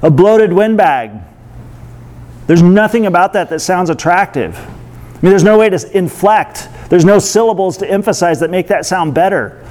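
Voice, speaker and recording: A man's voice: sits high, expressive, moderate pace, a little mellow. A man preaching a sermon as pastor, conversational, with laughs and acted asides.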